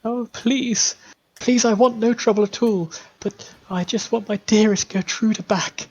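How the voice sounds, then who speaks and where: Man doing a grieving mother, high trembling pleas, dull lo-fi stream audio. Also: fairly even intonation, measured pace, a little mellow, husky, full character voice. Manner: sobbing, pleading, high and trembling. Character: distraught grieving mother, a middle-aged woman.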